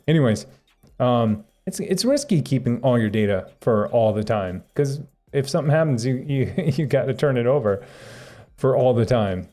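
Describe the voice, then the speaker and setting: A man hosts a relaxed tech live stream and wanders from topic to topic, chuckling as he reads comments from chat. His voice is mellow and mid-pitched, and faint music plays softly behind him. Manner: rambling, chuckling, reading chat aloud.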